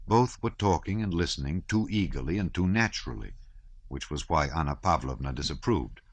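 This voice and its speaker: A man reading a classic novel aloud as an audiobook narrator, measured and expressive. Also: extremely low pitch, no echo.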